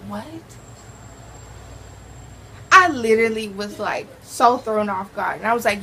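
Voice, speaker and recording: A woman's voice: medium pitch, measured pace, long pauses, sharp tone, a little hiss or hum, rough recording. A teenage girl vlogger telling a dramatic storytime, acting out the quoted voices. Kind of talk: casual storytime vlog.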